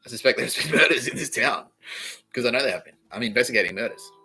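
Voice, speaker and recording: A man's voice: medium pitch, lively intonation, fast, sharp tone, soft background music, rough recording. A man hosting a podcast, rambling through a comedic monologue, laughing often, swearing and acting out quoted exchanges. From Australia. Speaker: podcast host.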